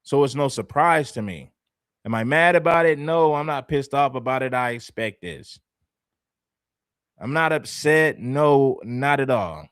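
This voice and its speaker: A man from Los Angeles hosts a commentary livestream, pressing his points with emphatic repetition. His voice sits in a middle pitch and is recorded close and dry, with no room sound. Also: expressive, measured pace, a bit bright, smooth, dry recording. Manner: assertive, emphatic, repeats phrases. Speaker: livestream host.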